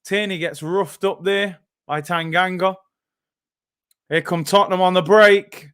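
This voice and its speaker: A young man hosting a live football watchalong, reacting loudly to the play and then talking himself back down. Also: high voice, unhurried, clean tone. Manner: excitable, shouts at big moments, then calms himself down. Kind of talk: live match watchalong commentary.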